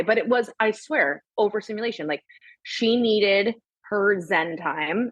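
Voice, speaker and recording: A woman in her thirties, a guest on a casual podcast, with a husky voice recorded dry and close. She talks bluntly and animatedly and swears without a second thought. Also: mid-range voice, animated, moderate pace, fairly bright tone, dry recording, muffled recording.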